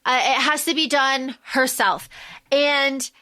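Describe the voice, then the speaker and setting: A woman co-hosting a casual book-discussion podcast, recapping the plot in an animated, loose way with casual swearing. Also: high-pitched, slow. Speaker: podcast co-host.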